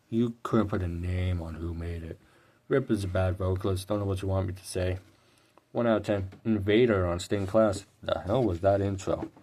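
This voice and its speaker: A man's voice: lowish voice, dark tone. A young man giving a casual, blunt video review full of opinions and offhand swearing. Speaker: music reviewer.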